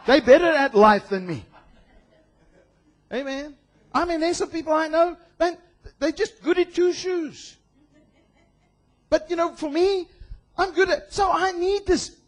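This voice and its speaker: A man from South Africa preaching a sermon, reading scripture slowly and shifting between quiet asides and loud, passionate proclamations. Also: extremely high pitch. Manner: draws out scripture quotes slowly. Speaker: pastor.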